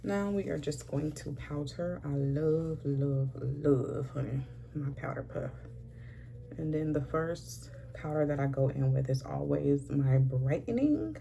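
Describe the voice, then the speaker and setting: A woman's voice: deep voice, animated, measured pace, gravelly, mellow, slight background noise. A woman in her thirties chatting casually and sassily while doing her makeup, calling her viewers "honey" all through. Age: 30s. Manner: chatty, sassy, says "honey" a lot. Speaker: beauty vlogger.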